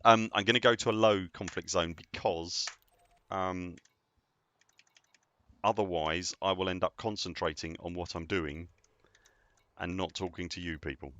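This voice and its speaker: A man's voice: low-pitched, fairly even intonation, unhurried, long pauses, bright, forceful tone, lo-fi sound. A man casually chatting while live-streaming a game, rambling and answering viewers as he plays.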